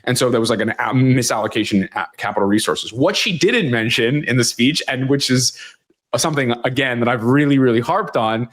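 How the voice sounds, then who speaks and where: A male interview guest who talks in a loose, rambling way, hesitating and restarting often. He is frank and blunt and drops the odd swear word. His voice sits at an ordinary middle pitch for a man. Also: brisk. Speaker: guest commentator. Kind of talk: conversational interview.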